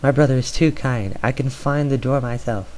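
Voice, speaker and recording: A man's voice: mid-range voice, moderate pace, darkish tone, slight background noise, lightly acted. A man voicing a mocking young lord who speaks in a dry, teasing way in a storybook reading. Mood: amused.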